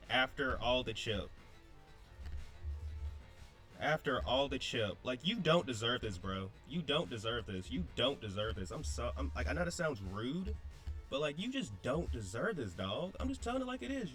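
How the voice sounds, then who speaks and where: A young man talking through his own match in blunt, slangy gamer speech that circles back on the same points. His pitch moves all over the place, and soft music plays underneath. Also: sing-song, normal speed. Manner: slangy, blunt, repeats himself. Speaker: draft league player. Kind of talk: casual gameplay commentary.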